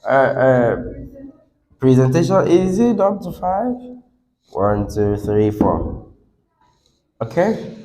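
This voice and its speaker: Lively, slow-talking man teaching a class. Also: medium pitch, low-quality recording. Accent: Nigerian English. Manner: coaxing, repeats words and asks the class questions. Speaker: English teacher. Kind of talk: classroom lesson on word stress.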